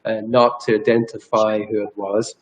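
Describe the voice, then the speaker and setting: A man's voice: lowish voice, level tone, normal speed, poor audio. A man from Ireland, a guest energy healer telling a personal story in an interview, earnest and rambling, with restarts. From Northern Ireland.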